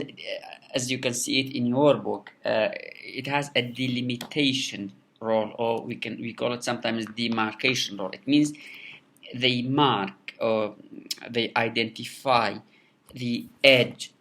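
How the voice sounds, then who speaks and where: Slow guy teaching english, keeps repeating words, mid pitch. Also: gravelly, a bit bright, slight background noise. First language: Kurdish. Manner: halting, many repeated words and fillers. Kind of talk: recorded lecture.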